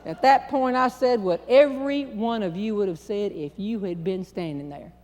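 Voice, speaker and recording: A woman with a Southern American accent, a humorist telling a story to a live audience, with a folksy, drawn-out delivery and deliberate pauses. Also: medium pitch, a little mellow. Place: large hall before a live audience. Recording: long reverb in a large hall.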